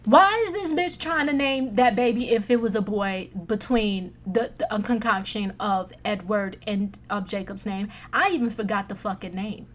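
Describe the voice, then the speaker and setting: A woman reviewing movies in a casual chat, blunt, profane and animated as she rants. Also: mid-range voice, moderate pace, hardly any pauses.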